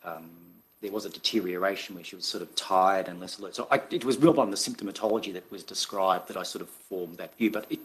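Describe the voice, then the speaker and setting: Australian man, very low voice, expert witness, halting, measured. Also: fairly bright tone, rough recording. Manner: halting, many restarts, measured. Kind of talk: formal testimony at an inquest.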